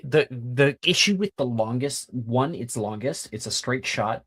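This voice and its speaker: A game master narrating a tabletop game, rambling with many fillers and casual swearing. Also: medium pitch.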